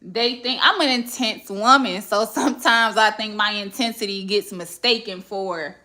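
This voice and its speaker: Blunt, profane woman with a bright voice. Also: mid-range voice, normal speed. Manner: blunt, profane, animated storytelling. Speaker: podcast host. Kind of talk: casual candid chat.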